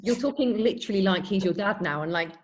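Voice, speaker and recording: A woman's voice: mid-range voice, quick pace. A woman with a British accent hosting a podcast, playfully teasing her guest in casual chat. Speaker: podcast host.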